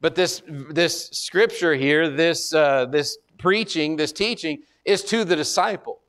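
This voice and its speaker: Speaking slowly in a slightly bright voice, this man delivers an earnest sermon. He tends to repeat words while building to a point, growing higher and more forceful whenever he exhorts his listeners.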